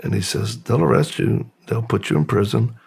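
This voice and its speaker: Gravelly, husky deep-voiced man recounting. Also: steady tone, darkish tone. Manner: slow, halting storytelling with pauses and restarts. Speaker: podcast guest. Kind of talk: personal testimony in a long-form interview.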